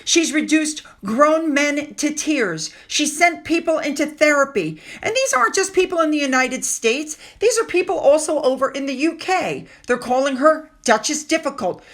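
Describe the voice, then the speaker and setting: A woman's voice: sits high, expressive, moderate pace, hardly any pauses, fairly bright tone. A woman hosting a commentary monologue, talking in a sarcastic and indignant way. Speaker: commentary channel host.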